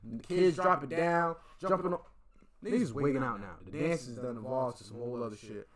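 A man's voice: mid-range voice, fairly quick, crowd noise. A man hosting a reaction video, talking in a rambling, slangy way that trails off and corrects itself. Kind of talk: casual reaction commentary.

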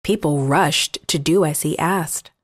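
Slow, gentle woman storyteller. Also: low-pitched. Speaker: narrator. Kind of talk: scripted children's Bible story narration.

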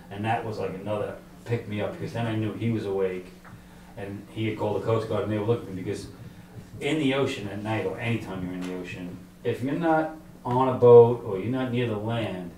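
A middle-aged man tells his own story at a library author talk, conversational and halting, with many fillers, acting out his own thoughts. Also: lowish voice, darkish tone, a little hiss or hum. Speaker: author and fisherman telling his survival story. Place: library event room. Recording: echoey room, distant mic.

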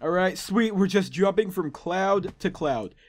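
Young male gamer with a high voice and unhurried delivery, excitable and playful, throat a bit dry and strained. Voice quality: excitable, yelps and laughs, playful outbursts. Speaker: gaming YouTuber. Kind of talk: let's play commentary.

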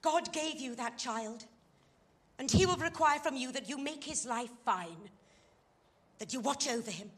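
A woman's voice: sits high, lively intonation, unhurried, long pauses, a bit bright. An actress playing a fallen society woman who pleads urgently and with passion in a stage play scene. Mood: pleading. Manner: impassioned, pleading.

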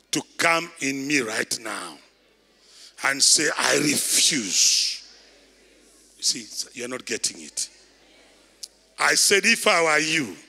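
Kenyan male bishop, high gravelly sermon voice, church hall reverb. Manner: preaching loudly, calling out to the congregation. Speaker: bishop preaching.

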